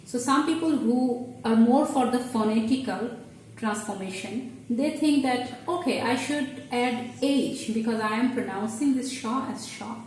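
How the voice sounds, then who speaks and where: Lady teaching letters, patient step by step, kinda high voice, far off the mic in a real echoey room. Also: a little mellow, a little hiss or hum. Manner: patient, explains step by step, halting restarts. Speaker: Bengali language teacher. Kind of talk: explaining at a board.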